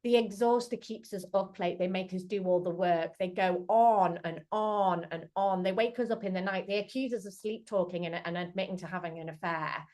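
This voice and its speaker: A woman's voice: mid-range voice, moderate pace, hardly any pauses, darkish tone. A woman, a charity chief executive, giving an earnest talk over a video call, acting out quoted dialogue as she goes. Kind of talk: talk on domestic abuse. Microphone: computer mic on a video call.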